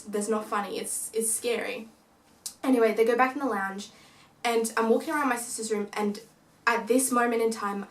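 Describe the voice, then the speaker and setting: A woman's voice: mid-range voice, far from the mic. A young woman vlogger casually telling a ghost story, acting out what her family said. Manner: animated retelling that acts out quoted family lines. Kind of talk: casual storytelling of a paranormal experience. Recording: echoey room, voice away from the mic.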